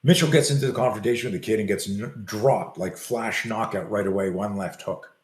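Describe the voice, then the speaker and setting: A man's voice: lowish voice, brisk. An older man, a self-defense coach, tells a long story in an interview and acts out the quoted lines as he goes. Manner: animated storyteller acting out quoted dialogue. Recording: roomy echo.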